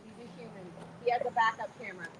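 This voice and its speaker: A young woman outdoors on a street, talking in an excited, shaken way as a protester. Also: on the high side, fast, background noise. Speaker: ex-member protester. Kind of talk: emotional street conversation.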